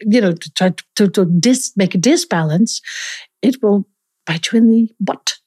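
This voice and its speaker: A woman's voice: medium pitch, normal speed, mellow, husky, no room sound, clean studio sound. A middle-aged woman with a Dutch accent, a theatrical and playful guest chatting at home in an interview. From Netherlands. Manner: theatrical and playful, dips into put-on voices. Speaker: guest, performer. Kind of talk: casual conversation.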